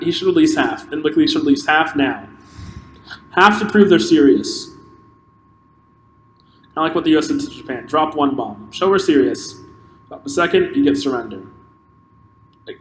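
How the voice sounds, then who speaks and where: Impassioned man in an echoey room. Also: a little high. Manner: impassioned, halting with restarts. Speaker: podcast host. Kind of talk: solo opinion monologue. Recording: echoey room with long reverb and faint noise.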